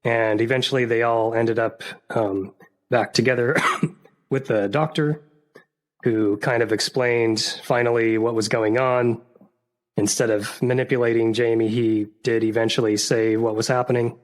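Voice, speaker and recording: A man's voice: medium pitch, level tone, a little slow. A man co-hosting a podcast, chatting casually in a rambling way, with many fillers and frequent laughs. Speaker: podcast co-host. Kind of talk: casual chat.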